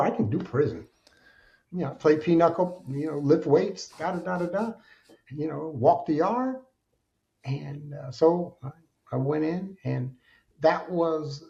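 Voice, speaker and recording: Animated man telling his story, dark tone. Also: fairly high pitch, measured pace, creaky, muffled recording. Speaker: podcast guest. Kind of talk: candid storytelling interview.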